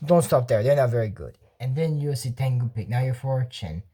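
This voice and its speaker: A woman's voice: very deep voice, expressive, fairly quick, dark tone, slightly rough, exaggerated voice. A woman voicing an adult female fortune teller who gives long, rambling directions. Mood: matter-of-fact.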